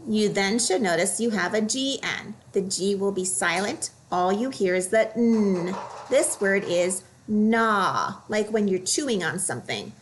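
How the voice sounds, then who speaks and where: A woman teaching a phonics lesson for children, modeling each word slowly and clearly. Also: medium pitch, expressive, slight background noise.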